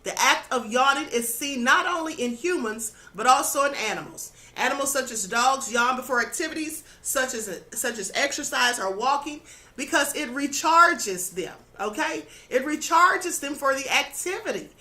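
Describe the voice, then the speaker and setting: Lively in intonation and moderate in pace, a woman on her own channel delivers an earnest spiritual teaching. Her high, bright voice is a bit worn, and she checks in with the listener through "okay?" and "you know."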